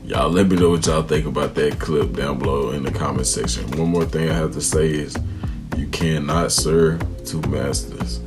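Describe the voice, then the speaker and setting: A man with an extremely deep voice comments on the clip he just watched, then turns preachy, warning his viewers. Music plays clearly behind him. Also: normal speed. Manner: preachy, addresses viewers as y'all. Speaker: reaction channel host. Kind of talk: casual commentary.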